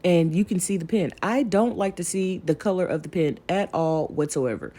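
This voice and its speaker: This young adult woman narrates her crafting videos in a casual, talkative voiceover, addressing viewers head-on as she rambles. She speaks at a moderate pace in a mellow, lowish voice.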